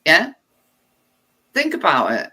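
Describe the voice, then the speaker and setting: A woman's voice: deep voice, wildly swooping pitch, slow pace, bright, forceful tone, slightly rough. A woman vlogger reading text aloud and breaking off for sarcastic, irritated remarks.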